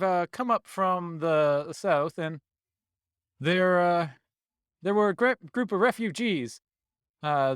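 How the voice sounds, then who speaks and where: A man's voice: a little high, vocal fry, no room sound, studio quality. A man voicing a male druid adventurer who talks in a folksy country drawl, in a tabletop role-play. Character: cagey male druid adventurer, prickly then friendly.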